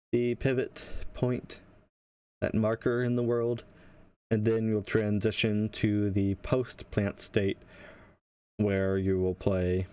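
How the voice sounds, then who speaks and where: A man with a somewhat low voice works through a game-development tutorial live. He talks casually and thinks aloud, pausing and restarting his sentences as he goes. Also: dark tone, smooth. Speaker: game developer teaching on a livestream.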